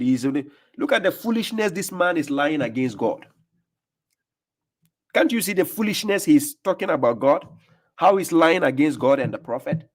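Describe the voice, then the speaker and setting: A man giving combative commentary as an online preacher, mocking the clips he plays and firing off rhetorical questions. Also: a little high. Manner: laughs in scorn.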